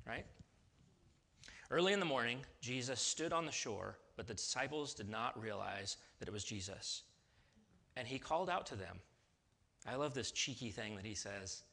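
A male pastor delivers a sermon with a bright, forceful tone. He talks in a loose, conversational way and keeps checking in with his listeners. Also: mid-range voice, lively intonation, moderate pace, creaky.

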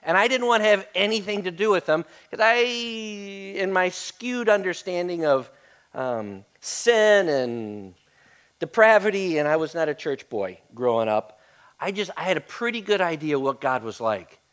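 A man preaching a conversational sermon as a pastor in church, often repeating words and swinging between soft and loud. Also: high voice, animated, unhurried, clear, resonant tone. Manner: conversational, repeats words, varies loudness widely. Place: church sanctuary.

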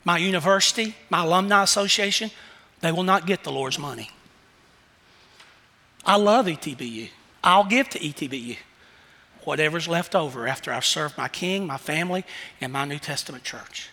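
High, bright-voiced preacher in a reverberant hall. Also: male voice, moderate pace, pauses often. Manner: animated, swings from hushed questions to shouted emphasis. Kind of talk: sermon.

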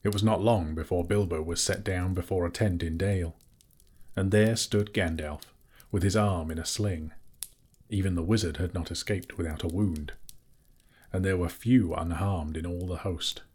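Low husky guy reading a fantasy audiobook, steady and measured. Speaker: narrator. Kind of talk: scripted audiobook narration.

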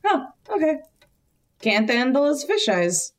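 Slow-talking woman player. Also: sits high, sing-song. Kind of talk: casual tabletop role-play.

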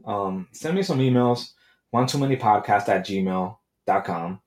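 A man's voice: lowish voice, measured pace, echoey room. A man hosting a podcast, telling a comedic story in a brash, profane rant. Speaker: podcast host. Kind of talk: comedic monologue.

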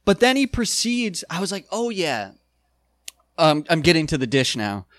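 A man co-hosting a casual podcast chat about a sitcom episode, animated and quoting the characters as he goes. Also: fairly high pitch, moderate pace, dry recording. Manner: animated, quotes characters, restarts often. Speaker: podcast co-host.

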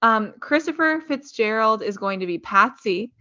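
A woman's voice: a little high, lively intonation, normal speed, pushed and bright, dull audio. A woman co-hosting a casual podcast chat, chatty, often trailing off and restarting. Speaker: podcast co-host.

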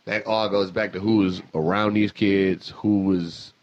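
A man's voice: sits low, steady tone, unhurried. A man hosting a casual chat, talking bluntly and emphatically with lots of swearing. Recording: slightly dull lo-fi sound.

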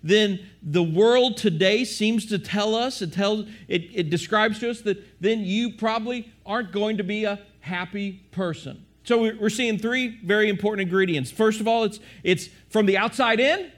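A man's voice: sits high, moderate pace, few pauses. A man preaching a sermon, questioning the audience often and restarting his sentences.

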